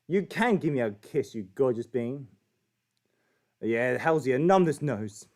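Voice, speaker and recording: A man's voice: medium pitch, expressive, unhurried, darkish tone. A young Australian man in a casual, profane, jokey chat, telling a story as a livestream guest.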